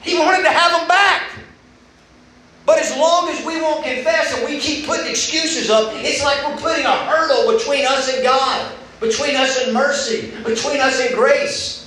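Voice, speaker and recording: A man's voice: extremely high pitch, normal speed, bright, forceful tone. A young man preaching a sermon at a retreat, talking in a conversational way and acting out the voices he quotes. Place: large room at a retreat. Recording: echoey room with faint background noise.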